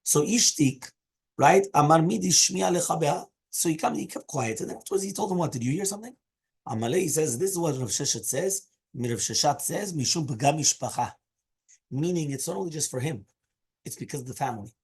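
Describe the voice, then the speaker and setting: A man's voice: on the high side, expressive, brisk, gravelly, breathy edge. A man teaching a daily Talmud class, explaining each Aramaic phrase in English and often checking with "right?" and "okay?". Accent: Hebrew and Aramaic terms mixed into English.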